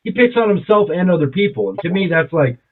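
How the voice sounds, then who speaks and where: A man's voice: high-pitched, big pitch swings, fast talker. A man co-hosting a casual podcast chat, rambling and swearing with enthusiasm. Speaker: podcast co-host. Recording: tinny phone-like sound.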